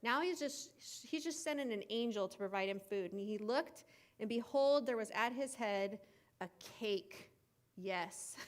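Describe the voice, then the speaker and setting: Animated woman telling a kids' Bible story. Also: fairly high pitch. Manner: animated, acts out quotes with shifting loudness. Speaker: children's ministry teacher. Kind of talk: Bible story lesson for kids.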